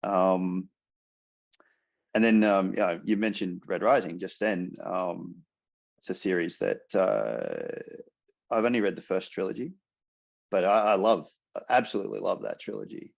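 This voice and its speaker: A man's voice: low-pitched, measured pace, vocal fry, long pauses. A man speaking as an author guest on a podcast, hesitant, with many fillers and restarts. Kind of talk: casual podcast interview. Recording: dull lo-fi audio.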